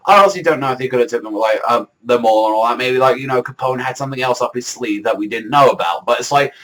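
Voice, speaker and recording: A man's voice: mid-range voice, fast talker, a bit bright, rough recording. A man reviewing a comic chapter in casual chat, rambling with lots of fillers and swearing. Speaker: manga reviewer.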